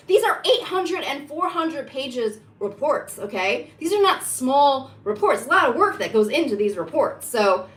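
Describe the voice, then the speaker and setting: A woman's voice: high voice, big pitch swings, unhurried, hardly any pauses, fairly bright tone. A woman delivering an impassioned, emphatic political monologue, repeating herself and building to heated insistence. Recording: echoey room.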